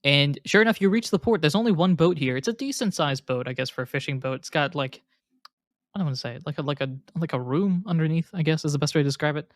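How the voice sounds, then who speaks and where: A man's voice: a little high, fast, no echo, studio quality. A man narrating as game master, rambling and hesitant with many fillers.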